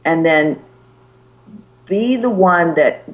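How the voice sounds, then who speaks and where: A middle-aged woman, a presentation skills coach, giving animated and emphatic advice as a guest on a show. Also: on the low side, very slow. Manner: animated, emphatic, demonstrates pace with her voice.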